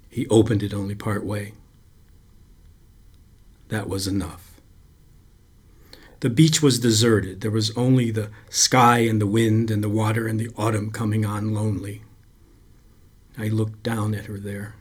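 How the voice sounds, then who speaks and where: A man narrating a story aloud in a slow, quiet, brooding delivery. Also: on the low side, slightly rough.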